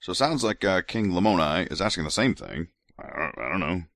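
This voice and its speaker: A man's voice: low-pitched, a little fast, no echo, studio quality. A tipsy man hosting a podcast, joking wryly through scripture commentary. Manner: joking, wry, animated asides. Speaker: podcast host.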